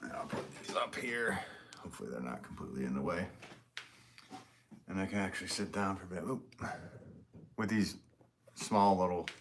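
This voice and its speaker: A man's voice: sits low, moderate pace, pauses often. A man in his thirties, a potter chatting casually on a live stream while he works, thinking aloud and reading viewers' comments. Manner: easygoing, thinks aloud, reads chat comments. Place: pottery studio. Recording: loud background noise with clicks.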